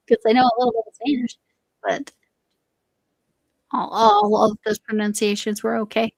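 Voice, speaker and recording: Middle-aged woman, crochet stream host, gravelly and dry, chatty, voice a bit worn. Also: a little high, huge pitch swings, unhurried, no room sound, rough recording. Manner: rambling, chatty, trails off and restarts. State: voice slightly going. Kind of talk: casual chat while crocheting.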